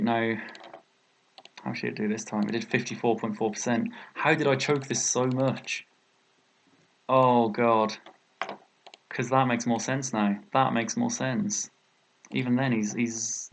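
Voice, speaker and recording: This gaming video creator is a young British man with a gravelly, mid-range voice. He narrates his own competitive game as he plays, voicing his thoughts and frequently crying out over his own errors.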